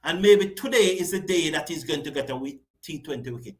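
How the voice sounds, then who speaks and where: This is a man from the West Indies, hosting a live online cricket commentary. His voice sits high for a man. He commentates with open passion, repeats his points for emphasis and answers viewers' comments as he goes. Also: animated, fairly quick.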